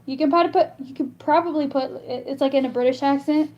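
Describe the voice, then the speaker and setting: A woman teaching singing improvisation in a casual live stream, halting and full of fillers as she explains. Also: high voice, dull audio. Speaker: singer teaching vocal improvisation.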